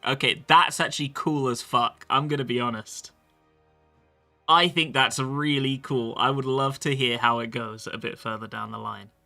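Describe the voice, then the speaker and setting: A man's voice: medium pitch, fairly even intonation, moderate pace, vocal fry, bright, forceful tone, faint music behind. A male streamer chatting casually about his game and reading chat messages aloud. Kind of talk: live-stream gameplay commentary.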